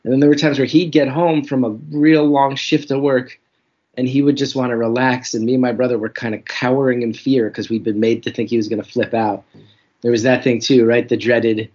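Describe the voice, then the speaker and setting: A comedian from New Jersey, appearing as a guest in an interview, tells frank, reflective, self-deprecating stories in candid storytelling. His mid-range voice is flat, a little fast and darkish, captured on a dull lo-fi recording.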